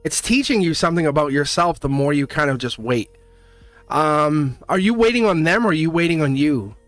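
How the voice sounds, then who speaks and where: A man's voice: on the high side, animated, a little fast, dry recording. A man giving a live tarot reading, blunt and chatty, laughing often and acting out little voices. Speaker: tarot reader.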